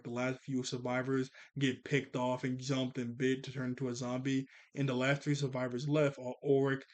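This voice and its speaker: A man recapping a cartoon episode in a casual, excitable, rambling way, talking fast and correcting himself as he goes. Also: mid-range voice. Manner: talks fast. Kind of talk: casual spoken review.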